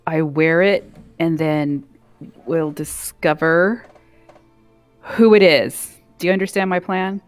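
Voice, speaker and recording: A man voicing a small, eager adventurer who lays out plans slowly and wide-eyed. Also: fairly high pitch, steady tone, smooth, no echo, soft background music, pitched above the performer's own voice. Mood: scheming.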